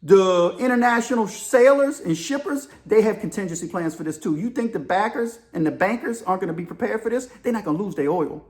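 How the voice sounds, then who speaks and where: A man talking casually to his viewers, mixing opinion with stories. He speaks in a slightly high voice and keeps an animated, chatty delivery. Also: a little fast, hardly any pauses. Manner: animated, addresses listeners as y'all. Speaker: commentator on current events. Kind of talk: casual video commentary and storytelling.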